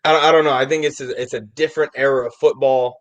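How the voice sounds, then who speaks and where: Animated, cursing man telling stories. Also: mid-range voice, quick pace. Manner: animated storyteller, swears freely. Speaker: panel guest. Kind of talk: casual sports talk.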